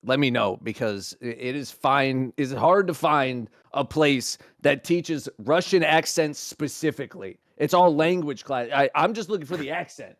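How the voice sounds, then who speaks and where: A man's voice: on the high side, moderate pace, hardly any pauses, dry recording, studio quality. A man improvising as a job applicant in a comedic party game, rambling and stammering through restarts. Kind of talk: improvised comedic role-play.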